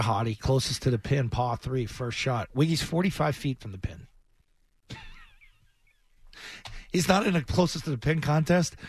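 A man's voice: medium pitch, breathy edge, dry recording. A man co-hosting sports talk radio, joking playfully and laughing between stories.

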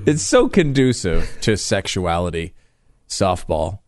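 A man's voice: low-pitched, very animated, takes it slowly. A man co-hosting a casual comedic news chat, throwing in dry, sarcastic quips. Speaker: podcast co-host.

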